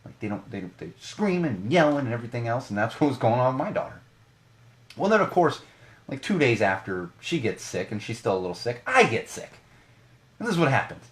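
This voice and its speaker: Animated ranting man, lively pitch. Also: brisk. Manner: animated, ranting, many restarts. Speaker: podcast co-host. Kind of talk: casual podcast monologue.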